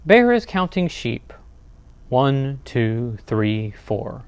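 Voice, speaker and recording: A man reading picture books aloud as a librarian at a bedtime storytime, expressive with dramatic pauses. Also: mid-range voice, clean tone, no echo. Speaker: children's librarian.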